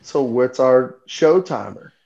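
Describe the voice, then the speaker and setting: A man from North Carolina co-hosting a live podcast, loud and profane, talking over the others in casual banter. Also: mid-range voice, animated, slow, muffled recording. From North Carolina, USA. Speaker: podcast co-host.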